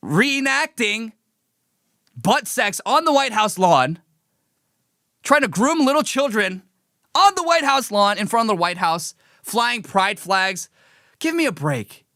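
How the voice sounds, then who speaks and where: A man's voice: sits high, sing-song, takes it slowly, pauses often, pushed and bright, no room sound, studio quality. A man hosting a live political commentary stream, talking in a heated, emphatic and mocking way.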